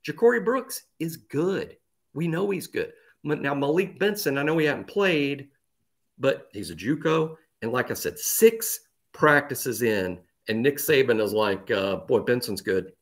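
A man's voice: mid-range voice, expressive, a little slow. A man co-hosting a sports podcast, chatting casually and animatedly, often repeating words as he thinks. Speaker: podcast co-host.

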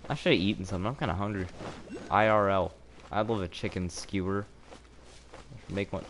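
A man live-streaming a video game, rambling sarcastically and bursting out excitedly during fights. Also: sits low, fairly quick, a little hiss or hum. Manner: sarcastic, self-mocking rambling with excited outbursts. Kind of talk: live gameplay commentary. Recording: game music playing under voice. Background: game music.

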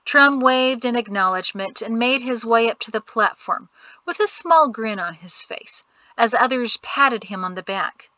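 Bright-voiced woman narrating an audiobook. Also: on the high side, no room sound, poor audio. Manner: even, measured storytelling. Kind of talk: scripted narration.

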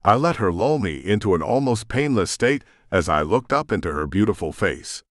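Deep voiced guy reading a dramatic story, lots of swing in his voice, dry studio. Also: very animated, moderate pace, no room sound. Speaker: audiobook narrator. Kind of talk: scripted first-person narration.

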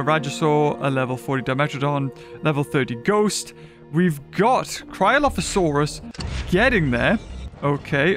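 British male gaming host, high, animated, laughing, clear game music behind. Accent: British English. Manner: excitable, chatty, often laughing. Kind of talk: casual game commentary.

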